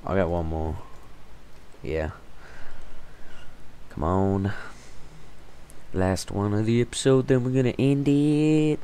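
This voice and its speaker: A man giving chatty, excitable gameplay commentary on his channel, breaking into sudden exclamations, recorded on a stand-in mic. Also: on the low side, slow, pauses often, slight background noise. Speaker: gaming channel host. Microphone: temporary stand-in mic.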